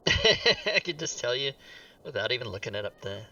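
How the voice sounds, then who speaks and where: A man's voice: medium pitch, sing-song, normal speed, bright, forceful tone, distant mic, dull audio, a little hiss or hum. A man who hosts the channel, playing a tabletop game and cracking teasing jokes. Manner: joking, teasing banter. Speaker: player and channel host.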